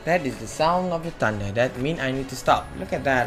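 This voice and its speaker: A man giving excitable commentary on his own video game play and reacting loudly to the action. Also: medium pitch, a little fast, faint music behind. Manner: excitable, yelps and laughs at the game. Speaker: gaming YouTuber. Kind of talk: casual gameplay commentary.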